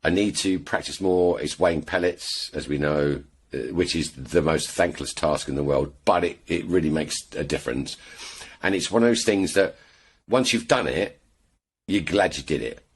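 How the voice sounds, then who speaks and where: A man's voice: rumbling low, moderate pace, husky. A British man from England, a podcast guest chatting casually and telling rambling stories full of restarts and asides. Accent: British English. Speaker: podcast guest, airgun shooter. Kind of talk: casual chat.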